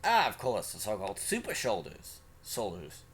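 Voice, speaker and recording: A man's voice: on the low side, huge pitch swings, normal speed, a bit bright, a little hiss or hum, heavily acted. A man voicing a tall, arrogant middle-aged male scientist in a game read-aloud, speaking in a smug, condescending way.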